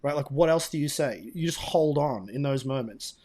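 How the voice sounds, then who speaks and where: A man co-hosting a podcast, telling stories in an animated, emphatic, casual way. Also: mid-range voice, moderate pace. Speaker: podcast co-host. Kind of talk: casual storytelling chat.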